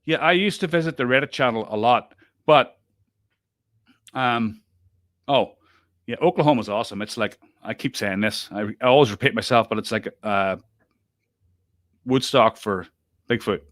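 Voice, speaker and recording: Chatty male podcast host, bright voice. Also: medium pitch, normal speed, pauses often, dry recording, studio quality. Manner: chatty, self-interrupting, laughs often. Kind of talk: casual group chat.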